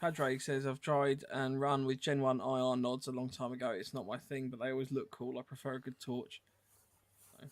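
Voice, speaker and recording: A man's voice: medium pitch, level tone, normal speed, dry recording. A man co-hosting a podcast, reading listener questions aloud with casual, self-deprecating asides.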